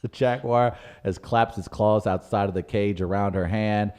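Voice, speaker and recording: A man's voice: on the low side, moderate pace, clean tone. A man co-hosting a comedic podcast, ranting with big energy and frequent laughter. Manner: animated, ranting, laughs often. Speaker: podcast co-host.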